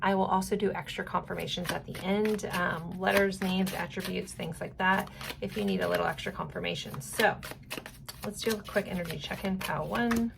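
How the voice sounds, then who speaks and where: A woman's voice: medium pitch, steady tone, a little fast, vocal fry, noisy background. A woman giving a casual, chatty tarot card reading to her viewers, rambling with many fillers. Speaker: tarot reader.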